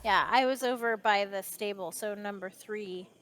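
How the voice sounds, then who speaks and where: A woman playing in an online tabletop game, asking quick, eager questions. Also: mid-range voice, fairly bright tone. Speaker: player. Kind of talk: casual tabletop play over voice chat.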